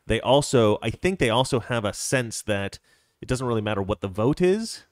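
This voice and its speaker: A man with an expressive, mid-range voice speaks at normal speed in a dry, clean studio recording. He hosts a political live stream, talking casually and rambling with frequent restarts.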